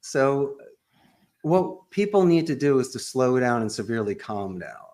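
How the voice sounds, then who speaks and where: A man's voice: medium pitch, big pitch swings, a little slow, a little mellow. A man who owns a call center, talking as a podcast guest in an emphatic, punchy way that is full of sports and pop-culture references. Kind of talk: animated interview talk.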